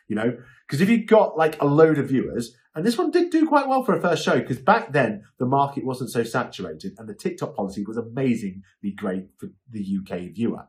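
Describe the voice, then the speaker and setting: A man giving a chatty, informal lesson on livestream selling, often checking in with "okay?". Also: medium pitch. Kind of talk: informal instructional talk.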